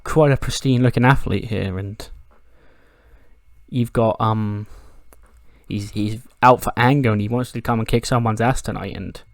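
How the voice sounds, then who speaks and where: A man narrating a wrestling management game playthrough in a casual, animated way, acting out the characters' lines. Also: on the low side, unhurried, dry recording. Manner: animated, acts out the wrestlers' dialogue, swears freely. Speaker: gaming commentator.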